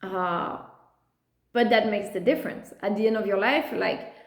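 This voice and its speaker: A woman talking casually and passionately to the camera, stopping often to quote people in lively voices. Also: mid-range voice, normal speed. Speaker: video creator. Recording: echoey room.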